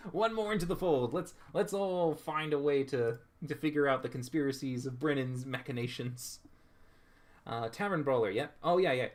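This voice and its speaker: A man's voice: medium pitch, moderate pace. A young man from California chatting casually on a livestream, reading viewer comments aloud and riffing on them with laughs. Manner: chatty, reads chat aloud and riffs with laughs. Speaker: streamer drawing and reading chat.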